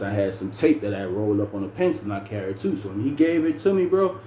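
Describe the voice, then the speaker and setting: A man's voice: mid-range voice, mellow. A man telling a story casually and animatedly, with heavy slang and frequent "bro" and "man". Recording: roomy room with faint ambient noise.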